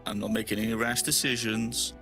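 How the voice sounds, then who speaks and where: A man's voice: fairly low pitch, flat delivery, brisk, bright, forceful tone, soft background music. A man speaking in character during a tabletop role-playing game, often laughing and hesitating mid-sentence. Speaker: player.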